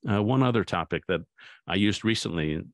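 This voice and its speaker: Man, very deep voice, gravelly, dry close recording, thoughtful storytelling, restarts sentences. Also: expressive, fairly quick, no room sound. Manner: thoughtful, anecdotal, with frequent restarts. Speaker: guest author. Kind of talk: reflective conversation.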